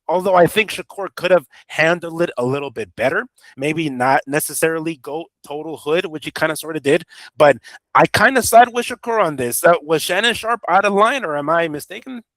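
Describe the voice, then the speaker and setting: A man's voice: a little high, normal speed, a bit bright, dry recording. A man hosting a boxing podcast, telling the story in a loose, rambling and profane way. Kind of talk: casual chat.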